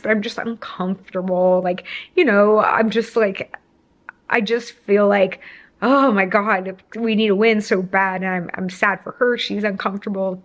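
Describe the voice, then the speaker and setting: A young woman telling a casual storytime to camera, rambling with lots of fillers. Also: medium pitch. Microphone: camera framing, talking to camera.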